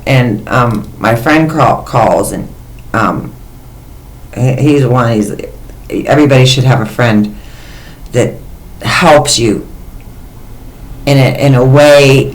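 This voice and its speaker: A woman vlogger talking candidly and emotionally in a personal confessional monologue. Her pitch jumps suddenly in places. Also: low-quality recording.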